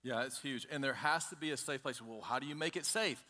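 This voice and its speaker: Emphatic pastor, bright and energetic. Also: male voice, medium pitch, brisk. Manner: emphatic, repeats "listen to me" to the congregation. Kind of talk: conversational sermon.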